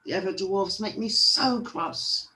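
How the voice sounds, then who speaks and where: A reader voicing a grumpy, hot-tempered male dwarf who shouts rudely. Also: mid-range voice, a little slow, voice pushed up. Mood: grumbling. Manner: shouting, rude.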